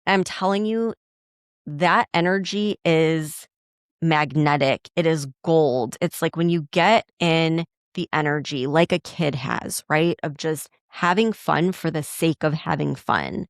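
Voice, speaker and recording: Animated woman podcast host, lowish voice. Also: slow pace, dry recording, studio quality. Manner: animated, acts out quotes in a raised voice, many likes. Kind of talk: casual storytelling monologue.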